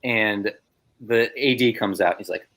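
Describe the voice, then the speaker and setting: A filmmaker guest on a podcast tells a funny story casually, his voice fairly low and his pace measured. He's an animated storyteller who acts out the voices of the people involved.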